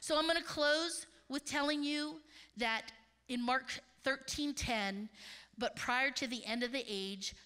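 A woman speaking at a conference, telling stories in a sermon and acting out the voices of the people she quotes. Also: high voice. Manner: animated storyteller, acts out quoted voices. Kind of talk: sermon with storytelling. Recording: large hall reverb.

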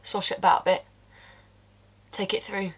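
A woman's voice: mid-range voice, flat delivery, moderate pace, slightly rough. An actress performing a stage monologue as a blunt, working-class woman who confesses to a killing, swearing and dropping into whispers.

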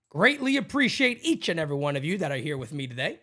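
A man hosting a fan livestream, calling a baseball game pitch by pitch in a casual, excitable way and chatting with viewers between plays. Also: fast, hardly any pauses. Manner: excitable, jumps to loud calls on big plays. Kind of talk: casual play-by-play with chat shout-outs.

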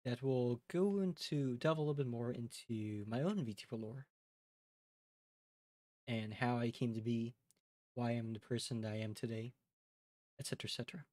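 Relaxed Midwestern man chatting on stream. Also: medium pitch, moderate pace, long pauses, dry recording, clean studio sound. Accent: Midwestern American. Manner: relaxed, rambling, addresses chat directly. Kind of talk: casual live-stream chat.

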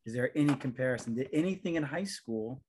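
A man's voice: mid-range voice, animated, quick pace, a little mellow, a little hiss or hum. Man asking rambling interview questions. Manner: friendly, rambling questions with restarts. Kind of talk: casual sports interview.

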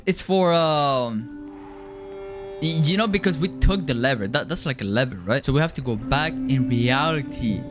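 A man giving jokey, excitable commentary while playing a horror game, often yelping and screaming. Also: a little high. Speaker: gaming YouTuber.

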